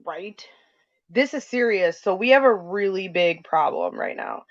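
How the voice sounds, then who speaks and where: A woman from North Dakota co-hosting a casual livestream chat, talking in quick bursts. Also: medium pitch, animated, no echo. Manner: chatty, talks fast in bursts. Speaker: co-host. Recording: dull lo-fi stream audio.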